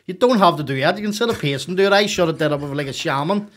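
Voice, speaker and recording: A man, a podcast guest telling a story in a casual, animated, profane and rambling way. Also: on the high side, rapid-fire, noisy background.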